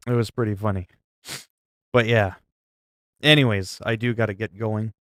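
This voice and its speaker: A man's voice: fairly low pitch, fairly even intonation, no echo. A man livestreaming, chatting casually with his viewers and telling a story, often laughing and stumbling over his words. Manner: laughing, storytelling, halting restarts.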